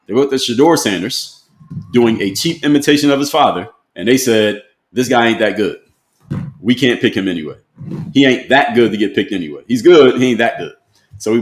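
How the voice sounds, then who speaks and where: A man's voice: medium pitch, echoey room. A man, giving blunt, emphatic commentary to camera and repeating his key points. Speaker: motivational commentator.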